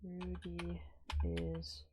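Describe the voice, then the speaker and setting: A young woman streaming from home, chatting casually to her viewers and often trailing off into low mumbled asides. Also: lively intonation, very slow, background noise. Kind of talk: casual live-stream chat.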